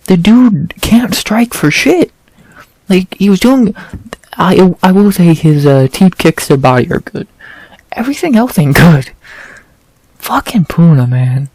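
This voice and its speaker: A man casually recapping fights, profane and exasperated, his frustration rising into loud rants. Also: high-pitched, expressive, unhurried, long pauses, no room sound. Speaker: podcast host recapping fights.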